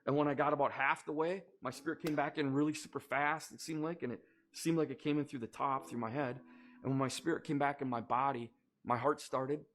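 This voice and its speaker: A man's voice: mid-range voice, fairly even intonation, fairly bright tone. Earnest man telling a personal testimony. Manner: earnest, measured, searching for words. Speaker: storyteller recounting a personal near-death experience.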